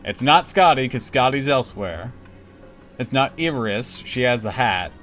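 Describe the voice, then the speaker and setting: A man streaming a game, commenting casually and excitably, swearing and laughing often. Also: mid-range voice, unhurried, soft background music.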